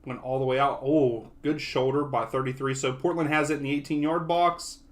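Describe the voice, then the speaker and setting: A young man hosting a soccer watch-along, giving casual live play-by-play that often turns excitable. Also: medium pitch, a little fast. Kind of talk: live match commentary.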